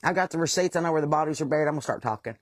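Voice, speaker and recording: A woman's voice: low-pitched, racing, no echo. A middle-aged woman with a West Virginian accent, hosting a casual monologue and talking in a blunt, plain-spoken, aggravated way. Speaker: host.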